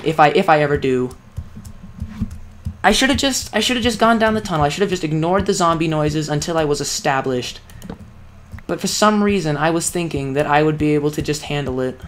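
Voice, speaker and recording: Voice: medium pitch, slight background noise. A young adult talking through a solo video game session, often exasperated and calling themselves an idiot. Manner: self-critical, exasperated talk to self. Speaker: let's play creator. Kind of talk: solo gameplay commentary.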